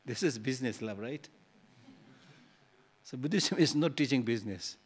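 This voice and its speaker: A man's voice: mid-range voice, animated, normal speed, pauses often, husky. A male Buddhist teacher giving a dharma talk in a hall, conversational and teasing, full of rhetorical questions.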